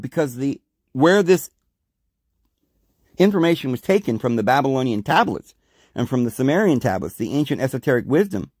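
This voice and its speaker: A man hosting a podcast, reading scripture aloud and commenting on it with animated rhetorical questions. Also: mid-range voice, a little fast, husky, no echo, clean studio sound. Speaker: podcast host.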